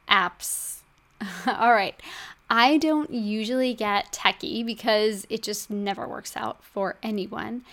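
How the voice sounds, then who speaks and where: A woman's voice: on the high side, a bit bright. A middle-aged woman hosting a podcast as a health coach, talking to the listener in a chatty, upbeat way. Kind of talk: scripted podcast monologue.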